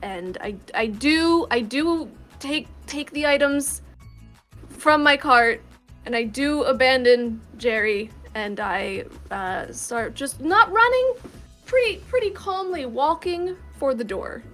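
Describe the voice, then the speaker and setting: A woman guest playing a comedic tabletop game, speaking her character's actions in a mock-earnest, halting way. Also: sits high, animated, fairly bright tone, faint music behind. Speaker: guest player.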